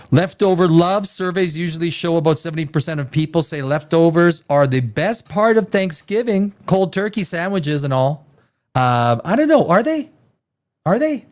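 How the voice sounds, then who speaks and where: A man's voice: a little high, a little mellow. A man hosting a casual live stream, rambling and joking with many fillers and restarts. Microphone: desk microphone.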